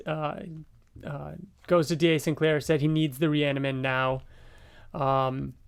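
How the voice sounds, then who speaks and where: A man's voice: on the high side, smooth. Chatty man recapping comics. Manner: rambling recaps with fillers and quick laughs. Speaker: podcast host. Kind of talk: casual comic book chat.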